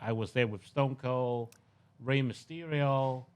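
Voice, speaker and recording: A man's voice: medium pitch, unhurried, a little mellow, clear, resonant tone. A man hosting a podcast interview, a supportive listener who stumbles and repeats words as he starts sentences. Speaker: podcast host. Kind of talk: casual interview.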